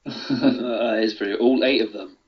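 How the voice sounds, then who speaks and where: A man's voice: medium pitch, steady tone, slow, slightly rough. A man co-hosting a casual podcast, joking and laughing often. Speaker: podcast co-host. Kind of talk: casual chat. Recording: dull lo-fi sound.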